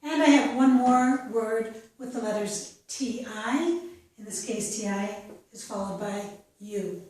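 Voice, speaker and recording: A woman teaching English pronunciation, spelling out letters and repeating each word slowly and carefully. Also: on the high side, darkish tone, slight background noise. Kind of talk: slow, careful pronunciation lesson. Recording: very echoey room, voice from a distance.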